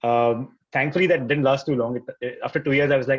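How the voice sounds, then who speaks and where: A quick-talking man chats as a podcast guest, loose and slangy, dropping "like" and "man" all the time. His voice comes through a dull, lo-fi recording. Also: medium pitch, fairly even intonation. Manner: laid-back, slangy, peppered with "like" and "man". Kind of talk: casual conversation.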